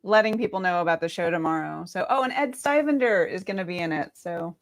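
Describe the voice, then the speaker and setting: A woman's voice: fairly low pitch, brisk. A woman from the United States talking in a casual video chat, rambling with many fillers. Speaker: guest.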